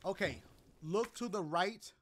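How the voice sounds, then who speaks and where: A man playing a video game and reacting aloud, swearing and yelling at the game and chatting to his viewers. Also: high-pitched, measured pace, noisy background. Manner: talks to viewers as "y'all". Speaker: gaming video host. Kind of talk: let's play commentary. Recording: loud game sounds behind voice.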